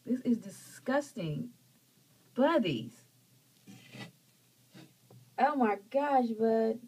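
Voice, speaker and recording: A young woman vlogging casually at home, exclaiming in disgust and then talking softly to her pet lizard. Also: on the high side, animated, very slow, husky.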